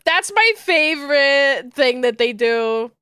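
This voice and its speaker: A woman's voice: high voice, animated, slow pace, pushed and bright, no echo, clean studio sound. A woman streamer chatting casually with viewers, rambling along with lots of fillers and restarts.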